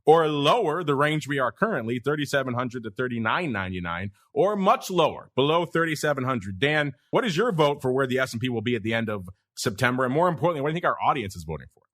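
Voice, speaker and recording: A man's voice: medium pitch, big pitch swings, fast talker, fairly bright tone. A man hosting a podcast, reading out poll results in a joking, upbeat way. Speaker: podcast host. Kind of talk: casual podcast chat.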